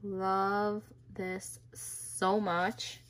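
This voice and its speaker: A young adult woman unboxing craft mail in a vlog, gushing and exclaiming with excitement over each piece. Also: mid-range voice, very slow. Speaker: crafting vlogger.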